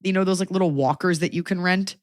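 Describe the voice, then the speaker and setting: Her voice is lowish and she talks fast, recorded in clean studio quality with no room sound. This podcast host in her thirties relates a funny anecdote in a sarcastic, exasperated tone, peppering it with quoted asides.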